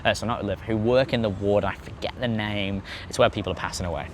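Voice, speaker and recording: A man rambles quickly through a casual podcast chat, drifting onto tangents and swearing freely. His voice sits a little low. Clear traffic noise hums behind him. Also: steady tone. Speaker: podcast guest. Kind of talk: casual conversation.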